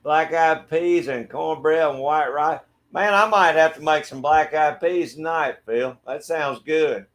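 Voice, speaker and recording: A middle-aged man from Georgia with a Southern accent, hosting a relaxed livestream and greeting viewers by name. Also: fairly high pitch, a little slow, few pauses. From Georgia, USA. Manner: friendly, laid-back, greets viewers by name. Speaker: livestream host. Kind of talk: casual chat reading viewer comments. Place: backyard shed.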